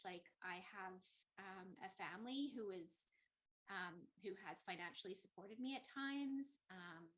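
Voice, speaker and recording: A woman's voice: mid-range voice, fairly bright tone, rough recording. A woman guest on an online panel, talking thoughtfully with many ums and likes over a video call. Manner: thoughtful, many fillers and hedges. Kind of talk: casual online panel chat.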